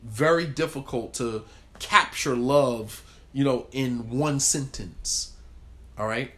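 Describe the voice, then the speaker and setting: A man's voice: medium pitch, takes it slowly, pushed and bright. Man leading a marriage workshop. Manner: conversational, acts out quoted lines. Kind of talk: group discussion talk.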